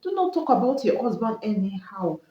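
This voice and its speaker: A woman's voice: medium pitch, big pitch swings, a little fast, mellow. Woman, Christian relationship teaching, earnest, repetitive, echoey room, lo-fi sound. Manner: earnest, repetitive preaching cadence. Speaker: marriage advice speaker. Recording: roomy, dull lo-fi sound.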